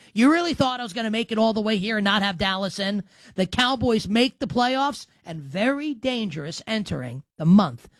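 A man's voice: high-pitched, no room sound. Male sports talk host, brash and emphatic, dry studio sound.

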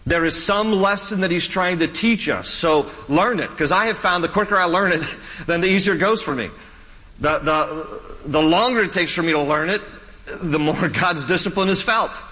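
A man's voice: high-pitched, moderate pace, pushed and bright, long reverb tail, rough recording. A man preaching a sermon as pastor, folksy and joking, often restarting his sentences.

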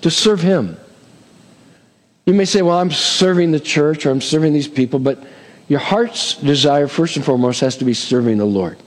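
A man's voice: fairly high pitch, moderate pace, long reverb tail, low-quality recording. A male pastor preaching a sermon in a conversational way, asking "amen?" and slipping in light humor.

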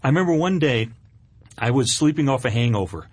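A middle-aged man telling his life story as a guest on an interview show, emotional and animated, with many restarts. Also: mid-range voice, brisk, husky, no room sound.

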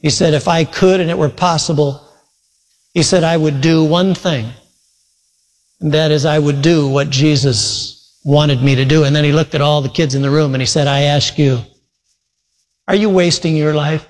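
A man's voice: on the high side, steady tone, normal speed. A male preacher earnestly retelling a story in a sermon, quoting voices as he goes. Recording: long reverb from a large hall.

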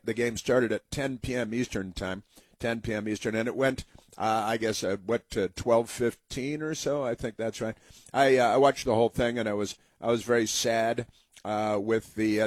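A man's voice: lowish voice, dry recording. Rambling American man, dry close mic. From United States. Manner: rambling, many fillers and restarts, mocking. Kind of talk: casual political commentary monologue.

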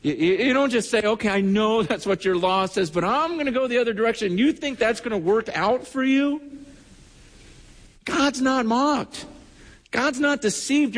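Impassioned high-voiced preacher in a reverberant hall. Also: male voice. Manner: impassioned, repeats words, acts out quoted voices. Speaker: pastor. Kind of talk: sermon.

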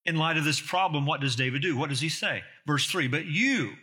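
A man's voice: fairly high pitch, fast, sharp tone. A man preaching a sermon as a pastor, emphatic and full of rhetorical questions.

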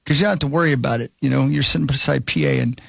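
A man's voice: mid-range voice, steady tone, racing, creaky, a bit bright, no echo. A man hosting a sports talk show, chatting in a folksy, rambling, plain-spoken way. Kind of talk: casual sports chat.

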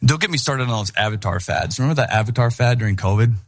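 A middle-aged male pastor preaching a sermon with animated storytelling, acting out voices in his anecdotes. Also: mid-range voice, fast talker, creaky.

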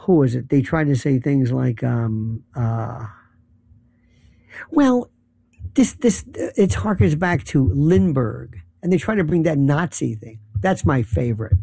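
A man's voice: medium pitch, lively intonation, a little slow, creaky, few pauses, warm tone, no echo, studio quality. A man delivering an impassioned political monologue, firing off rhetorical questions and rambling as he gropes for names. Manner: heated, rhetorical, rambling, often searching for names.

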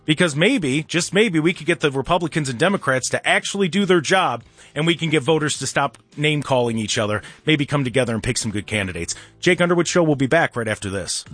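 A man's voice: a little high, animated, quick pace, a bit bright, breathy edge, dry recording. A male talk show host delivering a combative, sarcastic opinion monologue full of rhetorical questions.

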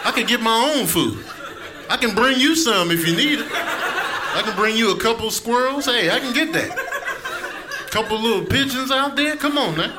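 A man's voice: very high voice, expressive, normal speed, background noise, voice pushed up. A man doing a bossy indignant cat. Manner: indignant, commanding. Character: bossy hungry cat, fed-up and demanding.

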